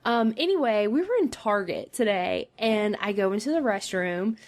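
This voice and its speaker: A woman co-hosting a casual podcast, telling a story with a scratchy throat, animated and easily exasperated. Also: mid-range voice, normal speed. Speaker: podcast co-host.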